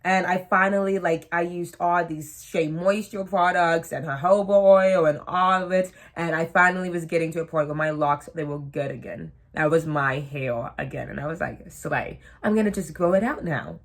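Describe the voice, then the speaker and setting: A young woman in her twenties talks straight to the camera, loose and chatty, poking fun at herself as she wanders off on side notes. Her voice sits a little low for a woman. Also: steady tone, normal speed, hardly any pauses. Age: 20s. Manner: chatty, self-mocking, trails off into asides. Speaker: vlogger. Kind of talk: casual chat to camera.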